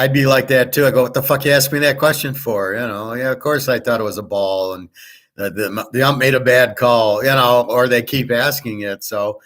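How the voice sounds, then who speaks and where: A man's voice: medium pitch, a bit bright. A man hosting a show in a casual, rambling monologue, blunt and profane, often restarting his sentences. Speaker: show host.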